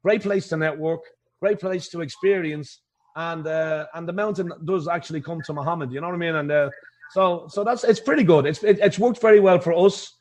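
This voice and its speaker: A man's voice: fairly high pitch, brisk, a little mellow. An Irish man who plays in a pub house band, telling stories with animation in a casual interview and laughing through his points.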